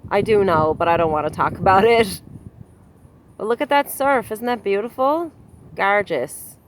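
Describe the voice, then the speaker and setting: A woman's voice: mid-range voice, moderate pace, a little hiss or hum. A woman chatting casually into her handheld phone by the ocean, laughing often and apologizing. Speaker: vlogger. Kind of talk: casual vlog chat. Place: by the ocean coast, near a car. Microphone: phone held in hand.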